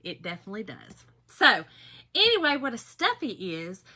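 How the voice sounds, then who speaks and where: A chatty, bubbly middle-aged woman with a Southern US drawl, hosting a live crafting stream and greeting viewers one by one. Her voice sits a little high and rings bright and forceful. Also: huge pitch swings, normal speed. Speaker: craft livestream host. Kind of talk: casual live chat while crafting.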